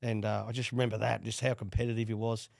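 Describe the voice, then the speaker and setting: A middle-aged Australian man, a former player and coach, telling animated stories in a casual interview. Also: on the low side, fast talker, gravelly, no room sound, clean studio sound. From Queensland, Australia. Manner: animated storyteller with restarts and laughs. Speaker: guest, former rugby league player and coach.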